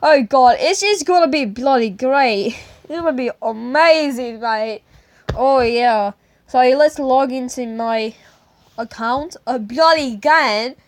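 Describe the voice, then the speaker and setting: A woman with a put-on British accent giving loud, excitable, slang-heavy commentary on a mobile game. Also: high-pitched, takes it slowly, dry recording. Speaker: gaming YouTuber.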